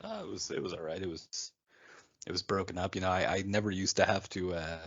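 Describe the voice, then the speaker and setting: A man in his thirties with a very low voice rambles through a casual podcast chat, circling back with fillers and restarts. The sound is dull and lo-fi, and the recording is close and dry with no room in it. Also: fairly even intonation, a little fast, fairly bright tone, no echo. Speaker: podcast co-host.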